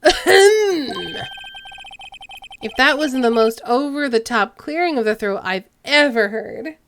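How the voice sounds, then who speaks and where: A woman's voice: a little high, normal speed, fairly bright tone, slight background noise. A woman streaming a game, making casual joking asides and laughing often. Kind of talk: casual let's-play commentary.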